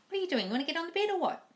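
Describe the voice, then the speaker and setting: A young woman coach answering viewer questions in a casual live stream, chatty and blunt, swearing now and then. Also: very high voice. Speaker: manifestation coach.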